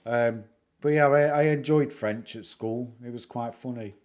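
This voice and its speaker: A middle-aged man with a Northern English accent, talking casually on a livestream in a mid-pitched voice. He rambles from one aside to the next, mocking himself as he goes, while soft chill music plays in the background. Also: a little slow. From England. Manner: chatty, rambling, self-mocking jokes. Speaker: livestream host.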